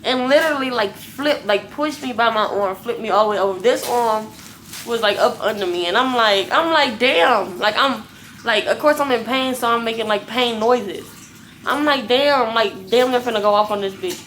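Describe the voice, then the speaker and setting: A woman's voice: fairly high pitch, normal speed, slight background noise. A young woman vlogger casually telling her viewers a story, blunt and full of swearing. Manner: profane, blunt, animated retelling.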